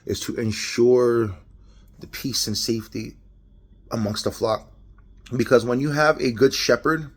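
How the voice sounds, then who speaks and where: A man with a husky, lowish voice and a Los Angeles accent, from Los Angeles, gives a loose, unscripted devotional talk as a lay speaker. He wanders, fixes his own words, restarts many times, and laughs often.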